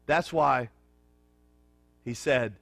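A pastor preaching a sermon, folksy and joking with the congregation, swinging from hushed lows to excited shouts. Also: male voice, extremely slow, creaky, no room sound.

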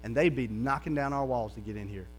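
A man preaching a conversational sermon to a congregation, often checking in with "okay?" and sometimes dropping to a soft, low voice. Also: fast talker, slight background noise. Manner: drops to a soft, low voice for stretches.

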